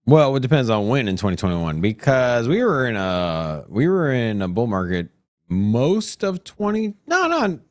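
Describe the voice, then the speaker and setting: A man co-hosting a casual crypto livestream, loud and playful, with hype shout-out greetings. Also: mid-range voice, huge pitch swings, moderate pace. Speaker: co-host.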